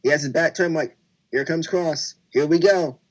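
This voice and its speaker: A man co-hosting a casual wrestling podcast, talking excitedly and acting out his own reactions as he recaps a show. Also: fairly high pitch, moderate pace. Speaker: podcast co-host.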